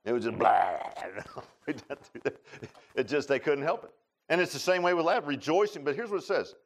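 This pastor's voice is fairly high-pitched and brisk. Preaching in a church sanctuary, he keeps things folksy and animated, laughing, trading jokes with the congregation and naming people directly.

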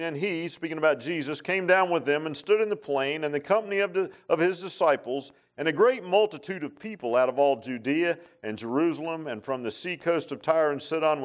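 A man preaching a folksy, rambling sermon as a pastor, with many fillers and restarts. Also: a little high.

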